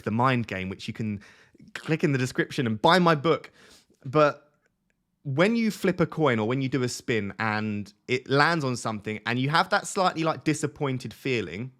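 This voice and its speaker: Young guy streaming, chatty and self-mocking, mid-pitch voice. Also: a bit bright. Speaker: fantasy football streamer. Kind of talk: casual live-stream chat.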